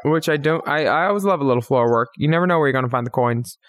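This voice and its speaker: A man co-hosting a podcast in casual chat, chatty and quick with asides. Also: medium pitch, dry recording, clean studio sound. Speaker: podcast co-host.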